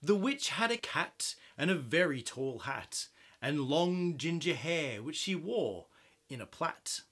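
An Australian man reads a rhyming children's picture book aloud. His voice sits fairly high and moves through a wide, sing-song melody, and he takes the rhymes slowly and expressively. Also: very animated, a bit bright. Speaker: storyteller.

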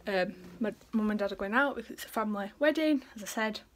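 A woman's voice: mid-range voice, fast, slight background noise. A young woman chatting in a casual home vlog, bubbly and rambling as she gushes over things. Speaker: vlogger. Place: family home, indoors.

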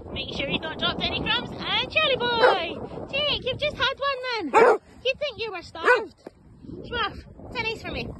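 A Scottish woman with a very high voice talks cheerfully to camera while out walking her dogs. She slips into cooing baby talk with the pups. The recording is noisy, with barking and outdoor sound behind her. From Scotland. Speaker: professional dog walker. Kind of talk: outdoor vlog chat with dogs. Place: outdoors in a park or woods. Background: dogs barking, outdoor ambience.

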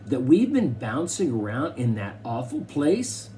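A fretful gentleman passenger voices his worry, as a man reads him. The voice is mellow and plain. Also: medium pitch, big pitch swings, a little slow, a little hiss or hum. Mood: anxious. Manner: anxious. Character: nervous male passenger, gentleman.

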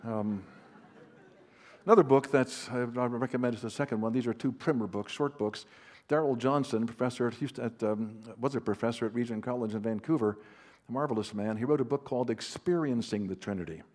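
A man's voice: mid-range voice, fairly quick, a little mellow. Man telling stories in a conference talk. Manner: storytelling, self-deprecating humor; conversational, with fillers and restarts. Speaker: Christian author and counselor speaking at a conference. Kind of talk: anecdotal teaching talk. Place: large hall with a live audience.

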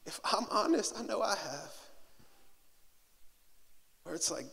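A male pastor preaching a sermon in a church. He moves between hushed, slow reflection and loud, rising preaching, and he often repeats words and restarts phrases. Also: high-pitched, expressive, vocal fry. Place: church sanctuary. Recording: long hall reverb.

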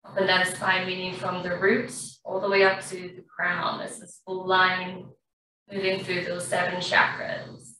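A woman, a yoga instructor calmly guiding a class through slow breathing in a studio. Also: lowish voice. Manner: slow, calm, even-toned guidance. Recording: very echoey room, far from mic, faint noise.

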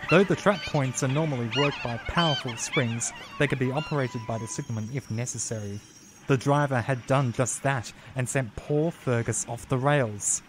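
A man reading a children's train story aloud as narrator, with a calm, steady delivery. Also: medium pitch, moderate pace, background noise. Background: music.

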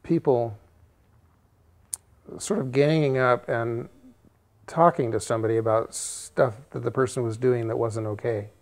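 A man speaking hesitantly in a documentary interview, with pauses, fillers and restarts. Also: mid-range voice, steady tone, darkish tone.

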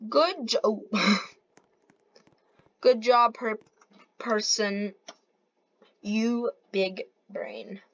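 A young woman giving casual gameplay commentary, excitable and giggly, swinging between panic and glee. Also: fairly high pitch, very slow, long pauses, dry recording, muffled recording.

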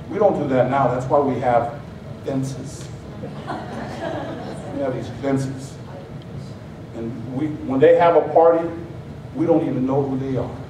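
High-voiced pastor in an echoing church. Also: male voice, dark tone. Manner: conversational and joking, acts out scenes. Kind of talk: sermon. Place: church sanctuary. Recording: very echoey hall, mic far off, faint hiss.

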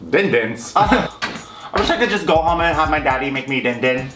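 A man's voice: fairly high pitch, animated, brisk, heavy background noise. A man hosting a food vlog from his kitchen, playful and chatty, laughing often as he eats. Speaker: food vlogger. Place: home kitchen. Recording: echoey kitchen with music under.

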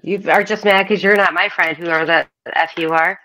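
A woman's voice: on the low side, steady tone, a little fast, pushed and bright, slight background noise, low-quality recording. A woman in casual live-show banter, teasing and giggling.

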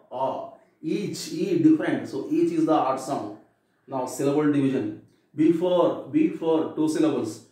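A man's voice: fairly high pitch, mellow. A male teacher going through exam answers methodically, spelling words out letter by letter. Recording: echoey room, voice far from mic.

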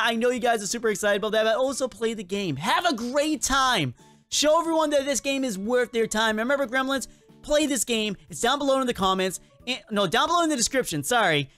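A man with a very high voice hosts a casual let's-play video, commenting on the game in an excitable, rambling, self-mocking way.

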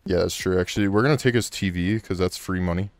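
A man casually chatting and swearing excitedly while playing a co-op video game. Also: deep voice, fast. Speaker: gameplay streamer. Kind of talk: casual co-op gameplay chat.

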